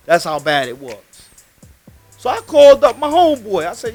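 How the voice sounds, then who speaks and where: A man, hosting a podcast and telling a story in an animated, slangy, emphatic way. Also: high-pitched, normal speed, soft background music. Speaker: podcast host. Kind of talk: casual street storytelling.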